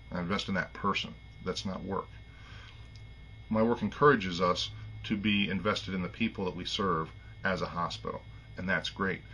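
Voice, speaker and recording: A man's voice: low-pitched, sharp tone, highs cut off, a little hiss or hum. A middle-aged man talking earnestly to camera in a casual monologue, rambling and restarting, getting choked up. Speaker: vlogger.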